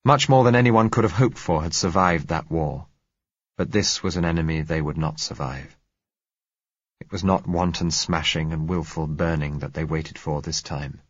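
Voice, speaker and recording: A man narrating a novel in first person, in a measured, reflective way. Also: very deep voice, breathy edge, dry recording, lo-fi sound. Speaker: audiobook narrator.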